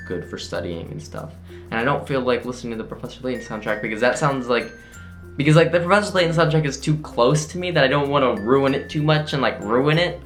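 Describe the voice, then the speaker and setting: Teen boy vlogger, casual diary, mid pitch, rambling with "like", faint music behind. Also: a bit bright. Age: teenage. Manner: chatty, full of "like", acts out classmates' lines.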